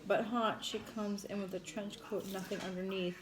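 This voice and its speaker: A woman's voice: mid-range voice, steady tone, normal speed, low-quality recording. Chatty woman telling stories while eating. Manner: chatty storyteller, swears casually, laughs often. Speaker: mukbang host. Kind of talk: casual chat while eating.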